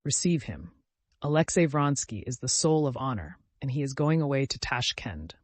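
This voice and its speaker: A man's voice: medium pitch, big pitch swings, moderate pace, no echo. A man voicing a worldly, affable society princess with an ironical, gushing manner.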